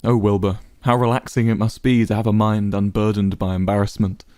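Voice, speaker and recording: A man reading a dramatic story aloud with expressive, varied storytelling. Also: lowish voice, a little fast, no echo. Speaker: narrator. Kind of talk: dramatic fan fiction reading.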